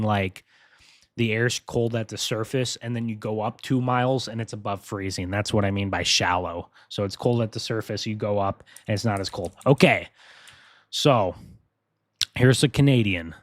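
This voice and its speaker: Man, low voice, casual, excitable, live weather stream host, dry close sound. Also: no echo. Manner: casual, excitable, talks to chat viewers.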